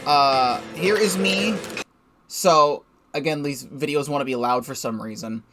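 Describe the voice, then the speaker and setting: A man's voice: fairly high pitch, unhurried, a bit bright, faint music behind. A young man giving casual, rambling game commentary from his desk, swearing freely and laughing at himself. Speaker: let's play gamer.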